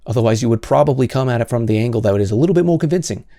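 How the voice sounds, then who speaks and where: A man's voice: mid-range voice, animated, rapid-fire, dark tone, no room sound, studio quality. A man hosting solo commentary, answering comments in an exasperated, sarcastic way with many stammered restarts.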